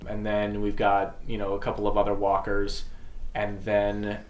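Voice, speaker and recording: A man's voice: lowish voice, moderate pace. Guy chatting about parade stuff, puts on silly voices, bit of room echo. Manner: animated storyteller, acts out voices of others. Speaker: parade troll performer. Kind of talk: casual interview chat.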